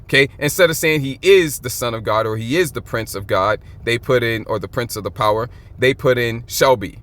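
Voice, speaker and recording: A man teaching from the Bible in an informal, emphatic way, often checking in with "okay?" and reading verses slowly and drawn out. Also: mid-range voice, a bit bright. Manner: reads scripture aloud slowly and stretched out.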